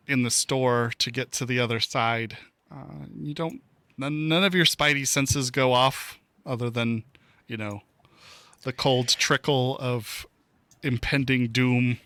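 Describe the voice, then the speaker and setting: Male game master, slow and hesitant, bright dry voice, lots of ums. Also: mid-range voice, dry recording. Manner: hesitant, many fillers. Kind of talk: narrating a tabletop game.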